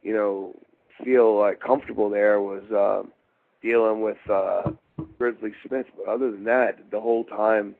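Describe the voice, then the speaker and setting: Speaking a little slowly in a lowish, creaky voice with fairly even intonation, a middle-aged former wrestler from Baltimore, USA, rambles through shoot-interview stories packed with fillers and restarts. The phone-like line carries a little hiss or hum.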